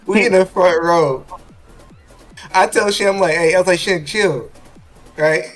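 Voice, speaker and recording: A man's voice: sits high, steady tone, unhurried, fairly bright tone, soft background music. A man in a casual gaming chat, eagerly telling a funny story and repeating himself.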